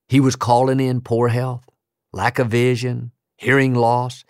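A man's voice: medium pitch, normal speed, a little mellow, no echo, clean studio sound. A man preaching a sermon as pastor, emphatic and building rhythmic lists of declarations.

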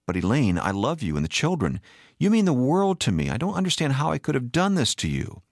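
A man's voice: low voice, sing-song, fairly quick, dry recording, studio quality. A man voicing an unfaithful husband who pleads emotionally for forgiveness. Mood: pleading. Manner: begging, emotional.

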